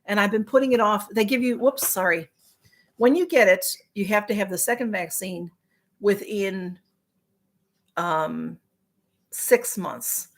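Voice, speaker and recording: A woman's voice: medium pitch, unhurried, long pauses. A woman hosting a casual live stream, chatting and answering viewer comments in a sympathetic way, with frequent ums and restarts. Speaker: livestream host reading viewer comments.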